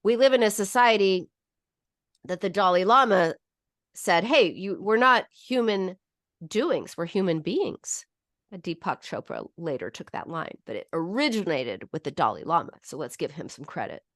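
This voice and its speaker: A woman's voice: on the low side, moderate pace, no room sound, studio quality. A woman psychologist talking straight to her viewers and giving advice, acting out the feelings she quotes and laughing at herself now and then. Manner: animated, acts out quoted feelings, self-mocking laughs. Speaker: psychologist and host. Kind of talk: advice talk to camera.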